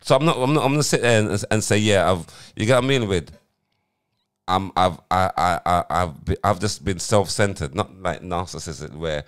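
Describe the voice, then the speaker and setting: A man, co-hosting a podcast in lively, argumentative banter. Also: deep voice, moderate pace, clean tone. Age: 40s. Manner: animated, laughing, cuts in to argue his point. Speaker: podcast co-host. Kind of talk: casual banter.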